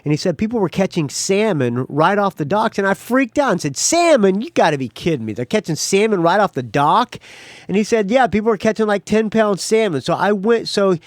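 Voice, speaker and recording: Rambling man with a lively voice. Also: high-pitched, a little fast, no echo. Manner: rambling storyteller, acts out quotes loudly. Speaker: podcast host. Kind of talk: casual monologue.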